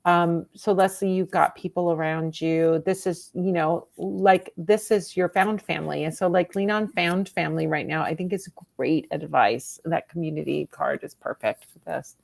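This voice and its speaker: A woman with a lowish, gravelly voice hosts a casual livestream tarot reading. She talks in a chatty, encouraging way as she gives advice. The sound is dry and close. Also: steady tone, moderate pace, few pauses, no echo. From California. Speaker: tarot reader, host.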